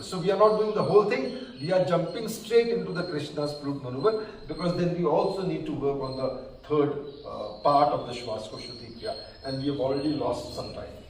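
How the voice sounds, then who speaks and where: A man calmly guiding a group through yoga breathing and counting, slightly out of breath. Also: on the high side. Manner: calm, counting slowly, gently checking in. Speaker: yoga instructor. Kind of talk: guided breathing instruction. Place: large hall at a live session. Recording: very echoey hall, distant mic, faint noise.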